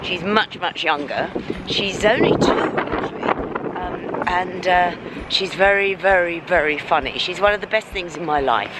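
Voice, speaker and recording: A woman, a vlogger and radio host, chatting eagerly with quick reactions in a casual vlog. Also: lowish voice, heavy background noise.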